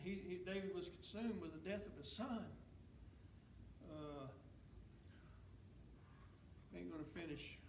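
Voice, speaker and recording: A man teaches a Sunday school lesson in a folksy, emphatic preaching style. His voice is high-pitched and gravelly. He is heard from a distance in an echoey room with faint background noise. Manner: folksy, emphatic, voice rising when stirred. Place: church classroom.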